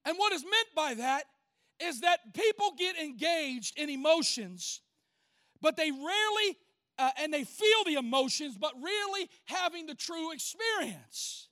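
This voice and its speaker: A man's voice: very high voice, unhurried, no echo, studio quality. A man preaching a sermon as pastor, telling folksy stories and calling out to the congregation. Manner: folksy, animated storytelling, calls out to the congregation.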